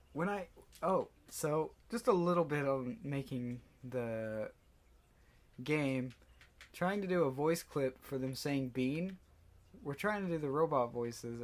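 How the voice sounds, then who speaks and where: A teenage boy co-hosting a casual comedy podcast, playful and quick to laugh. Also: medium pitch. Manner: giggly, playful. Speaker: podcast co-host. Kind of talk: casual chat.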